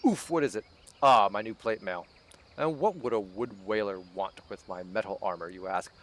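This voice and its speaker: A man's voice: lowish voice, normal speed, natural voice. A man reading aloud the lines of a wood whaler character in a video game, in a mildly pompous way. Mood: pleased. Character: wood whaler eager for steel plate armor.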